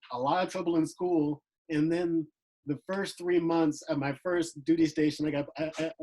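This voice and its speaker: A man's voice: a little high, a little mellow, poor audio. Rambling man full of fillers. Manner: rambling, many fillers and restarts. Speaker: podcast co-host, Air Force veteran. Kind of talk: casual chat.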